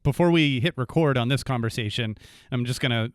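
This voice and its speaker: A man's voice: medium pitch, brisk, dry recording, clean studio sound. A man hosting a podcast interview, joking easily with his guest. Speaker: podcast host.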